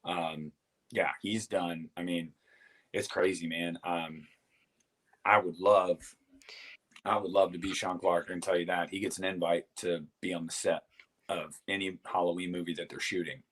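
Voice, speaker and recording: A man who is a guest on a casual chat, talking with relaxed enthusiasm. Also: deep voice, moderate pace.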